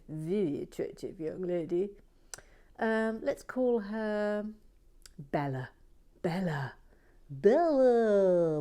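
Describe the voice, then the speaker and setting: A woman hosting a relaxing toy-brick build video, talking gently and often dropping into whispers with playful asides. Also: sits low. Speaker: Lego build channel host. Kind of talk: soft-spoken relaxing build commentary.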